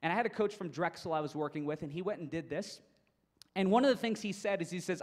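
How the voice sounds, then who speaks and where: Male motivational speaker, high voice, energetic and emphatic, long hall reverb. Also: fast. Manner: energetic, emphatic, repeats points for stress. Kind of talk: keynote presentation.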